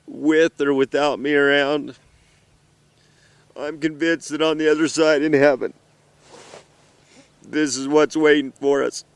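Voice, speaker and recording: A middle-aged man gives a heartfelt, halting message to his children while seated outdoors in the mountains. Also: on the high side, flat delivery, clear, resonant tone, no room sound. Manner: earnest, emotional, halting. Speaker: father addressing his children.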